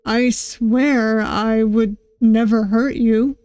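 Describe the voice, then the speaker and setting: A woman voicing a soft-spoken young male yandere kidnapper who talks slowly, gently and pleadingly. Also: a little high, steady tone, clean tone, dry recording. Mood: apologetic.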